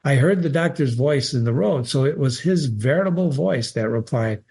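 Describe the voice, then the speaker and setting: A man reading a short story aloud, measured, with an occasional slip. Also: medium pitch, lively intonation, darkish tone, slightly rough. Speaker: reader.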